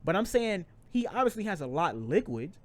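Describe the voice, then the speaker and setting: A man's voice: high-pitched, big pitch swings, brisk. A young man co-hosting a podcast, talking in slangy casual chat with lots of repeats and restarts. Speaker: podcast co-host.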